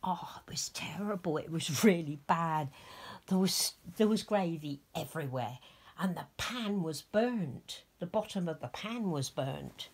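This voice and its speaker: A middle-aged woman chatting through a rambling home story, slipping into soft whispers as she dresses a doll. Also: on the low side, husky. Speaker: vlogger dressing a reborn doll.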